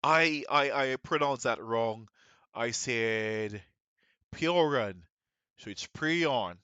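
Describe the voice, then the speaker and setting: A man's voice: mid-range voice, slow pace, pushed and bright, clean tone, no echo, muffled recording. A man hosting a reaction video, chatting casually and speaking straight to viewers. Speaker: reaction channel host.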